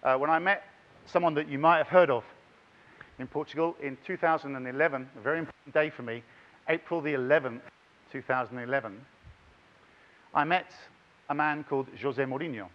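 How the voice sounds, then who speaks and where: A middle-aged man giving a lively, chatty conference talk and directing the audience. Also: fairly high pitch, a little fast, pauses often, highs cut off. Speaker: conference plenary speaker. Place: large conference hall.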